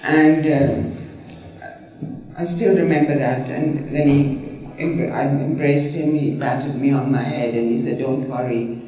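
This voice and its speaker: Brief: older Indian-born woman telling stories, mellow tone, mic far off in an echoey room. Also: extremely low pitch, steady tone. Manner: rambling, halting storyteller with many fillers. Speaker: interviewee. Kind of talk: personal reminiscence. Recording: roomy, distant mic.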